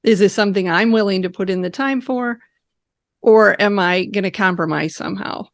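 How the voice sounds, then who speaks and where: A woman's voice: mid-range voice, moderate pace, no room sound. A woman guest in an interview, speaking reflectively and giving practical advice. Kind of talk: conversational interview.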